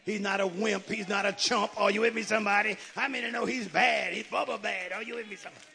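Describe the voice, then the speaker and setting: Give me a high-pitched male pastor with a gravelly voice, preaching with call-and-response. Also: fairly even intonation, fast talker. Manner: call-and-response, rising to shouts. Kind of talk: sermon.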